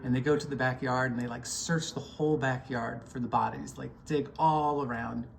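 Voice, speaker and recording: A man's voice: medium pitch, steady tone, normal speed, gravelly, a little hiss or hum. A man sending a casual video message to a friend, telling jokes in a hesitant way with many ums and restarts.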